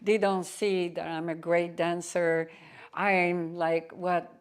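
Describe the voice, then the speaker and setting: A woman's voice: fairly low pitch, little pitch movement, slow pace, clear, resonant tone. A woman acting out the inner voice of a young woman dancer talking to herself. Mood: frustrated. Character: young woman dancer, anxious then joyful.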